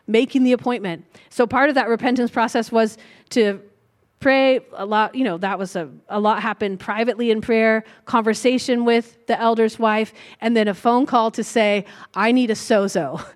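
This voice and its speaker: A middle-aged woman preaching a sermon and sharing a personal testimony, earnest and reflective, slowing down to stress key lines. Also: fairly high pitch.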